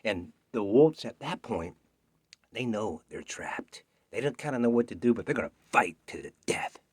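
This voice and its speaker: A man's voice: lowish voice, very animated, normal speed, slightly rough, no room sound, clean studio sound. A man auditioning with a dramatic scary story, dropping into whispers for suspense. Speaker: actor auditioning. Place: home self-tape.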